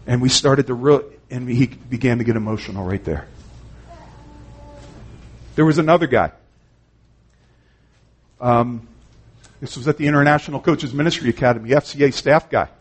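A man's voice: medium pitch, moderate pace, pauses often, breathy edge. A man preaching an earnest, conversational sermon, retelling conversations and often saying "man". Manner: frequent "man" and restarts.

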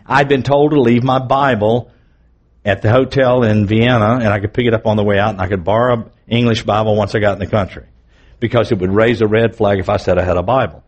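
A preacher recounts his testimony in a sermon. His low voice is husky. He tells the story earnestly and vividly, with candid asides. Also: fairly even intonation, a little fast, muffled recording.

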